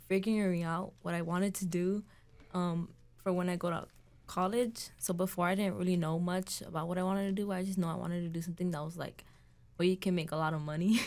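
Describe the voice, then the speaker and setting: A woman's voice: lowish voice, clear, resonant tone. A teenage girl student talking about her program in a hesitant casual chat, with many fillers. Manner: hesitant, lots of ums and likes.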